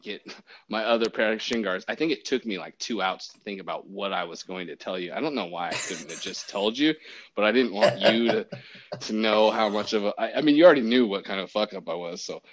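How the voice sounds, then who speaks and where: A man's voice: lowish voice, fairly quick. A man who works as a baseball umpire, casually telling a story with lots of restarts and acted-out quotes. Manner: animated, acts out quotes, many restarts. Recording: dull lo-fi audio.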